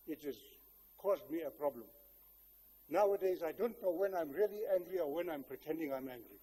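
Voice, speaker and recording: An older South African man giving a public speech, telling a personal story in a measured, reflective way with wry humor. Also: fairly high pitch, warm tone. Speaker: guest speaker. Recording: long hall reverb.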